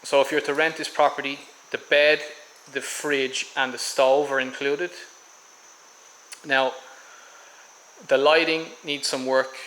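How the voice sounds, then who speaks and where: An Irish man rambles his way through a casual walking tour of a house for sale on a tropical island, with ums and restarts between rooms. He speaks slowly and pauses often, his medium-pitched voice showing little pitch movement and a fairly bright tone, on a low-quality recording.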